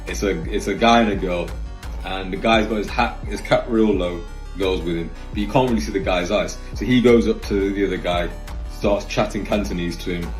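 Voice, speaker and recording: A man telling a story in a casual, slangy, animated way, vlog style. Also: low-pitched, moderate pace. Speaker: vlogger. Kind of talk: storytime monologue. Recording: roomy echo with faint music.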